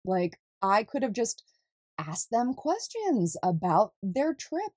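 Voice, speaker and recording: A young woman from California, talking casually in a solo podcast, chatty and quick to laugh at herself. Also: medium pitch, very animated, a little mellow, no room sound, studio quality. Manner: chatty, laughs often, self-deprecating.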